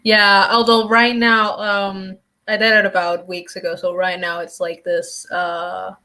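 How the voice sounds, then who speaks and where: A woman in casual chat, relaxed and talkative, quoting friends and family with a laugh. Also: medium pitch, a little slow.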